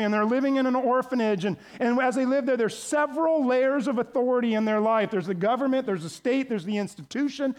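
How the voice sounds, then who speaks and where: A pastor preaching a sermon with emphasis and leading his congregation in call-and-response. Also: high voice.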